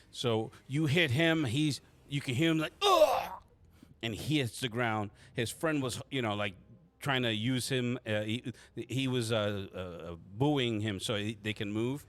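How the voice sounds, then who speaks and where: A man's voice: mid-range voice, expressive, measured pace, a bit bright. A man running a tabletop game as game master, casual and teasing, rambling with frequent restarts.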